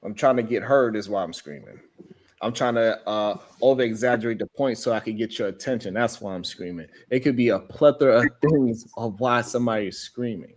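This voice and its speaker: A man's voice: medium pitch, brisk. A man co-hosting a casual live-stream debate, arguing his point and repeating "right" as he cuts in. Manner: argumentative, repeats "right" while cutting in. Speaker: co-host of a live-stream discussion.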